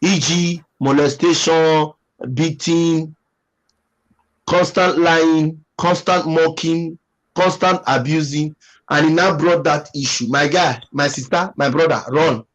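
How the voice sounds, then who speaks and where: A man's voice: on the high side, steady tone, slow pace, fairly bright tone, rough recording. A man with a Nigerian English accent hosting a casual livestream, reading out comments and giving emphatic, repetitive advice. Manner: preachy, emphatic, repeats himself. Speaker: livestream host.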